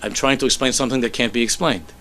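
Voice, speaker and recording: A man, a rabbi, telling a story in a sermon with animated delivery that sinks to soft, low tones. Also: quick pace.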